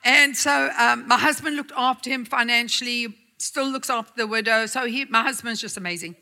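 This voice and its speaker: A woman's voice: a little high, normal speed, pushed and bright. A middle-aged woman preacher telling a personal story in a chatty sermon, laughing often and making fun of herself. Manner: chatty and laughing, self-mocking asides.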